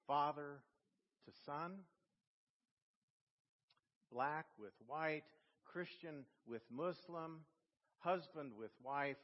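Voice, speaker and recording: Man preaching in an echoey church. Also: mid-range voice. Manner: storytelling with slow, emphatic phrasing. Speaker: pastor. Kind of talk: sermon. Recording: long reverb in a church hall, dull lo-fi sound.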